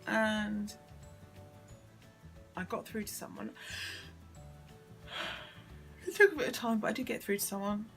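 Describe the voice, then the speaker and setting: A tired woman talks through a hard day in a vlog. Her voice has a rough, creaky texture. She sighs and corrects herself as she recounts it, and soft music sits behind her. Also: medium pitch, measured pace, pauses often. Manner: weary, emotional recounting with sighs and self-correction. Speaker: vlogger. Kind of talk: tearful personal storytelling vlog.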